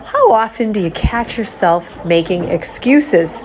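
A woman's voice: medium pitch, expressive, unhurried, few pauses, a little hiss or hum. A woman host and mindset coach with a nasal voice from a cold, talking in a casual, conversational way. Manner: conversational, with fillers and restarts. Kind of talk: casual chat.

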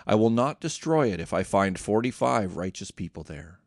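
A man voicing a calm, solemn divine lord granting requests. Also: lowish voice, normal speed, vocal fry, no echo, clean studio sound.

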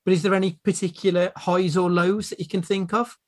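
British podcast host with a slightly high voice. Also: male voice, flat delivery, fairly quick. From Britain. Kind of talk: casual chat.

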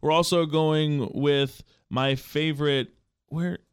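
A man's voice: a little high, fairly even intonation, slow pace, clear, resonant tone, no room sound, studio quality. A man hosting a casual sports betting picks segment, chatty and offhand.

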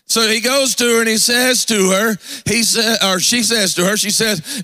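Man, revival pastor, fervent sermon, call-and-response asides, highish voice, dry close sound. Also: fairly even intonation, moderate pace, hardly any pauses, sharp tone, dry recording. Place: church sanctuary.

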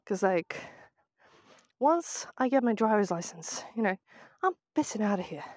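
A woman's voice: mid-range voice, big pitch swings, moderate pace, darkish tone, no room sound. A woman with a British accent, ranting sarcastically with heavy swearing in a casual voice memo recorded on a phone while walking outdoors. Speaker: vlogger. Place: outdoors on a walk to the seaside.

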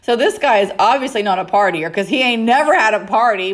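A woman's voice: mid-range voice, lively intonation, a little fast, hardly any pauses. A woman teaching on a Bible story in a chatty, casual way, laughing often and acting out the characters' lines. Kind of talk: casual sermon.

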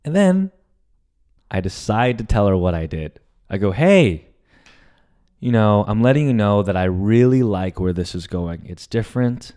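A young adult man hosting a podcast, telling a candid story, animated, swearing often and acting out the lines of the people in it. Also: on the low side, unhurried, clean tone. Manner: animated, swears often, acts out his own and others' lines. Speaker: podcast host.

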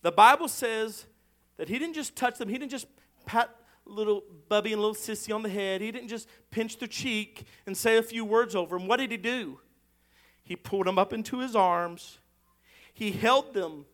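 High, forceful preacher man. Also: normal speed. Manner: impassioned preaching that swells into shouting. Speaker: pastor. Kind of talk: sermon.

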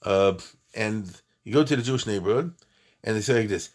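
A man teaching Jewish history in a lively, emphatic classroom talk, full of asides and restarts. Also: on the low side, a little fast. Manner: animated, emphatic, conversational with many asides and restarts.

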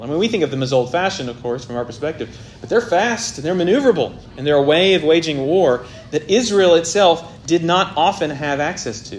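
A man with a slightly high voice preaches an expository sermon, swelling loud on key points and dropping very soft. Faint noise sits in the background.

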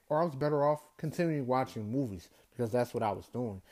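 A man hosting a solo sports show, ranting in an exasperated way, repeating himself and climbing higher in pitch when worked up. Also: lively intonation, a little fast, mellow. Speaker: sports podcast host. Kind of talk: solo sports commentary rant.

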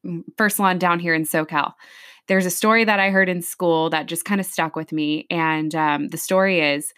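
Hairstylist lady on a podcast, chatty and animated, doing little voices for people in her stories. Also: lowish voice. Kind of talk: casual storytelling chat.

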